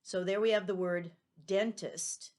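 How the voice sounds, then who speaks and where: A woman's voice: mid-range voice, steady tone, measured pace, a little mellow. A middle-aged woman teacher giving a patient spelling lesson for young children, spelling words out letter by letter.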